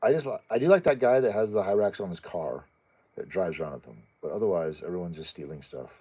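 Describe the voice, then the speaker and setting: Low, husky man rambling casually. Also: expressive, dark tone. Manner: rambling, halting, many restarts and fillers; acts out pet voices in a high squeaky tone. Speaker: channel host answering viewer questions. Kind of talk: casual chat.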